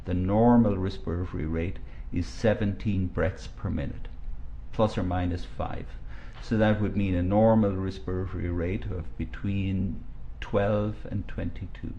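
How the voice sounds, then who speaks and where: A man with an Irish accent giving measured, explanatory testimony as an expert witness in court. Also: low voice, steady tone, warm tone, a little hiss or hum. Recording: dull courtroom broadcast audio.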